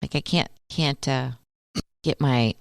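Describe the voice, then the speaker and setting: A woman co-hosting a radio show in casual banter, playful and quick to try silly impressions. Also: very deep voice, vocal fry, no echo, studio quality.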